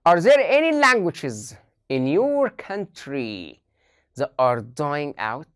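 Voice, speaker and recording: A woman's voice: low voice, no echo, clean studio sound. A woman teacher gives an online English lesson, asking her students many questions and repeating key phrases.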